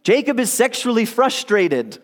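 Male pastor, high-pitched, casual animated sermon delivery, in a reverberant church hall. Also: unhurried. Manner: conversational, animated storytelling with acted quotes.

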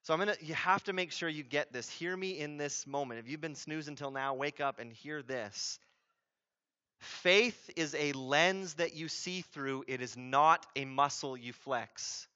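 A man preaching a sermon as pastor, emphatic, asking rhetorical questions and repeating key phrases, swinging from loud urgency to a low hush. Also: unhurried, clean tone, highs cut off.

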